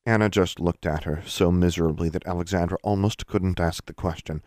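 A man narrating a story in a measured, expressive way, recorded on a close mic. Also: deep voice, no echo. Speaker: audiobook narrator.

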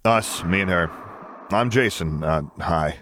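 A man's voice: sits low, unhurried, noisy background. A man voicing a jumpy eighteen-year-old boy who stammers and hesitates. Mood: nervous.

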